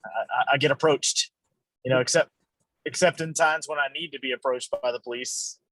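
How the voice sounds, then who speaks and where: A man chatting on a podcast, opinionated and eager to set pronunciations straight. His voice sits at an ordinary middle pitch. The recording is dry and close, with no room sound. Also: steady tone, fairly quick, fairly bright tone, dry recording. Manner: opinionated, fond of correcting pronunciation. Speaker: podcast co-host. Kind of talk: casual chat.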